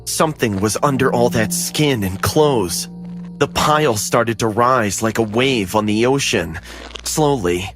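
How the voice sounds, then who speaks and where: A man narrating a scripted horror story in the first person, steady and dramatic. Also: fairly low pitch.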